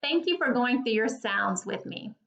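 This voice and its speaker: A woman teacher leading a phonics lesson for young children, speaking slowly and clearly with an encouraging tone. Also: a little high, expressive, a bit bright, highs cut off. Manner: slow, clear, encouraging, over-articulated.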